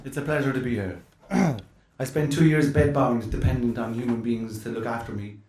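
A man's voice: medium pitch, fairly even intonation, brisk, a little mellow. A man performing rhyming spoken word poetry on stage, with chanted refrains. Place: live venue. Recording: roomy live venue from a distance.

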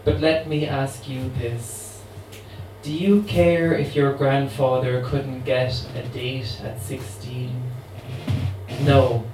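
A man's voice: medium pitch, steady tone, takes it slowly, a little mellow, faint music behind. A man reading as a sassy immortal voodoo queen. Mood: wry. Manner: sassy, wry monologue delivery. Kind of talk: dramatic poetry reading. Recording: roomy, distant mic, faint ambient noise.

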